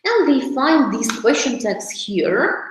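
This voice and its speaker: A woman's voice: sits high, big pitch swings, takes it slowly, slight background noise. Woman teacher trainer in a very echoey room. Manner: explanatory, with frequent fillers and restarts. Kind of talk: workshop presentation to teachers.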